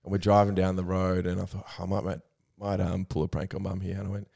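A man, co-hosting a casual chat show. His voice sits a little low, and he laughs often through his storytelling. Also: level tone, fast, creaky, darkish tone. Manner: laughs often while telling stories. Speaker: podcast co-host.

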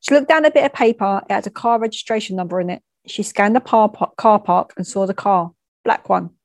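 A woman tells a first-hand story in a frank, plain voice. She adds conversational asides and stumbles now and then. Her pitch sits in the middle, and the sound is dry and close. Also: fairly quick, darkish tone, no echo.

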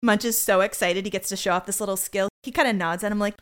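A woman's voice: mid-range voice, fairly even intonation, fast talker, fairly bright tone, clean tone. A woman co-hosting a casual podcast, recapping a TV episode with incredulous exclamations and frequent laughter. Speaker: podcast co-host.

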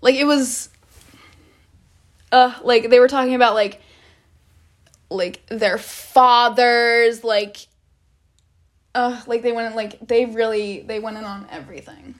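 A woman's voice: fairly high pitch, steady tone, slow, pauses often. A young woman telling a casual storytime vlog, rambling with lots of "like" and frequent swearing. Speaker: vlogger.

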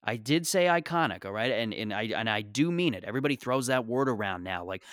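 A man's voice: mid-range voice, expressive, fast talker, hardly any pauses, a bit bright, dry recording, studio quality. A male comedian delivering a sarcastic, exasperated rant in a monologue.

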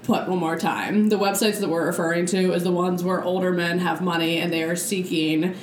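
A woman's voice: lowish voice, fairly even intonation, fairly quick, reverberant, slight background noise. A young woman co-hosting a podcast, chatting casually and speaking frankly, often chiming in with short remarks. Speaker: podcast co-host. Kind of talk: casual chat.

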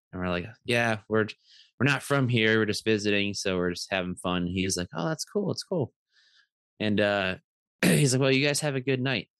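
Casting: low-pitched man, thirties, chatty podcast co-host, dry close sound. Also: clean tone, dry recording. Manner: rambling, animated anecdotes with many fillers. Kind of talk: casual storytelling chat.

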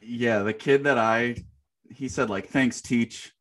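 A man's voice: medium pitch, unhurried, a bit bright. Laid-back man, easy laughter. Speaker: podcast co-host. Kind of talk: casual chat.

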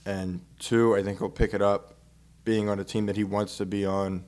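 A young man with a fairly low voice trading sports takes in a relaxed podcast chat. His humor is dry and deadpan, and he ribs his co-host without ever raising his energy. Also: moderate pace. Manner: dry, teasing, deadpan pushback.

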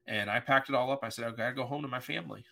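A middle-aged pastor speaks with a bright, forward edge to his voice. He tells his story earnestly and with feeling, sometimes repeating himself. His pitch stays in an ordinary middle range. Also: rapid-fire, gravelly, slight background noise. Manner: earnest, emotional, vivid retelling with voiced quotes. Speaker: pastor, podcast guest. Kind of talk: personal storytelling in conversation.

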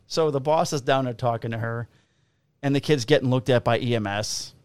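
A man's voice: mid-range voice, a little fast, smooth, no room sound. A man who works as a police officer, telling profane stories in a casual chat and acting out both sides of the conversations.

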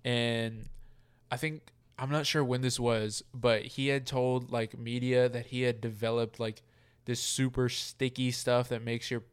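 A man's voice: medium pitch, flat delivery, unhurried, clean tone. A man co-hosting a casual chat podcast, talking loosely with lots of fillers and the odd swear word. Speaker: podcast co-host.

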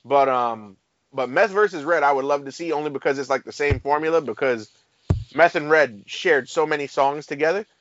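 A man in a casual chat, talking in an animated way, with laid-back slang and lots of fillers. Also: on the high side, normal speed. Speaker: podcast co-host. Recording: dry, slightly dull recording.

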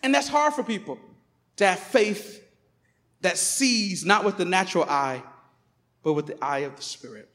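A male pastor preaching in a church sanctuary, his voice sitting unusually high for a man. He moves between emphatic, declaring peaks and hushed, conversational asides. The sound rings with the long reverb of a large hall. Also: animated, moderate pace, long pauses. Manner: emphatic preaching, swinging from loud proclamations to quiet asides. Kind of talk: sermon.

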